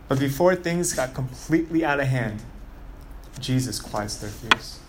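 Guy preaching a sermon, animated storyteller, asks the crowd questions, mid pitch, faint noise behind. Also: unhurried.

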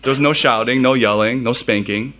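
A man's voice: mid-range voice, fairly quick, fairly bright tone. A man from the United States, a pastor giving a sermon in a casual storytelling way, full of fillers and laughs.

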